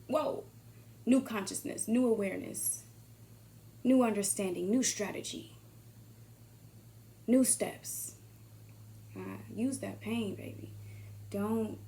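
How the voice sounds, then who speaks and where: A woman giving a casual motivational monologue, swearing freely and swinging from hushed whispers to loud bursts. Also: medium pitch, slow pace, vocal fry, long pauses, a little hiss or hum. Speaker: motivational vlogger.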